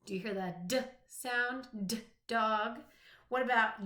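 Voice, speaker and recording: A woman teaching a phonics lesson to young children, slowly sounding out rhymes, letters and words. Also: fairly high pitch, pushed and bright. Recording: echoey room.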